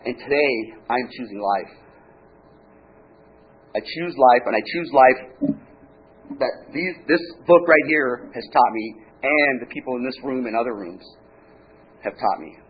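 A man telling his own story at a recovery meeting, in an animated way with halting restarts, then a joke. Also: mid-range voice, slightly rough. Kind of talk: personal share and joke telling. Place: meeting room with an audience. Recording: dull lo-fi room recording, faint crowd.

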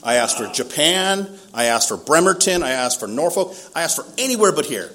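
Man in his fifties, lively swooping voice, casual self-mocking storyteller, laughs along. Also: fairly high pitch, a little fast. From San Diego, East County. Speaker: speaker telling his recovery story. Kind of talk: casual first-person storytelling.

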